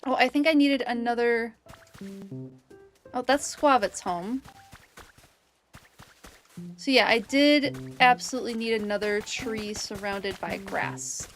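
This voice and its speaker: A woman with a high voice chats casually and nerdily while streaming a game, often laughing between her remarks. Faint music plays in the background. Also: slow pace, long pauses. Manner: chatty, nerdy, laughs often. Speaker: streamer and biologist. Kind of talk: casual game livestream chat.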